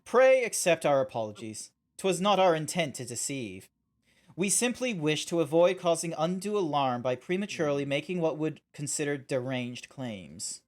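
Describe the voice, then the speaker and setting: An Australian man voicing a solemn, archaic-speaking clone, reading game dialogue slowly and formally on stream. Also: a little high, big pitch swings. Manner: slow, measured, formal old-fashioned phrasing.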